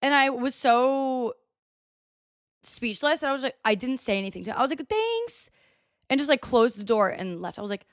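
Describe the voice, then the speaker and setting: A young woman hosting a podcast, telling a story in a chatty, animated way with lots of filler words. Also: fairly high pitch, fairly quick, no echo, clean studio sound. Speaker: podcast host. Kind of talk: casual storytelling monologue. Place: US (Texas area).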